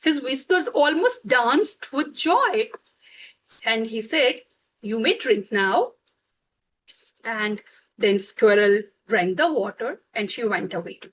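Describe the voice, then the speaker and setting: A woman narrating a bedtime story slowly, pausing to explain words for children, with fillers and self-corrections. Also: fairly high pitch, low-quality recording.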